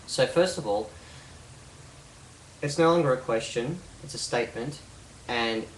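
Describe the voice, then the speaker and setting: A man's voice: mid-range voice, roomy sound, distant mic, a little hiss or hum, poor audio. A man teaching hypnosis techniques in an instructional video, explaining step by step and checking in with rhetorical questions.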